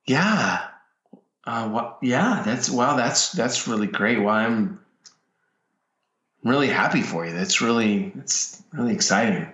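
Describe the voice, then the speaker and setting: A man's voice: mid-range voice, animated, takes it slowly, fairly bright tone. A man voicing a young woman friend, flustered and stammering. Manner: hesitant, stammering. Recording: roomy, dull lo-fi sound.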